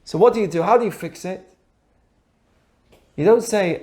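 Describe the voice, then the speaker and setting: A man's voice: high-pitched, normal speed, long pauses, warm tone. A man teaching a conversational ethics lesson, asking rhetorical questions and acting out quoted dialogue. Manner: acts out dialogue in quoted voices; asks the audience rhetorical questions. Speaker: Torah teacher.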